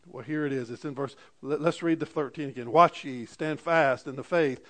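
A man preaching a sermon to a congregation, impassioned, repeating amen, with sudden swings between loud bursts and quiet asides. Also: on the high side, normal speed. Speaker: pastor.

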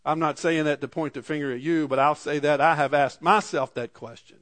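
A man preaching a sermon, reading scripture slowly and dropping his voice for asides. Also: steady tone, a bit bright. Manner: slows and rises for scripture readings, drops low for asides; archaic scripture readings, repeated "Amen". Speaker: pastor.

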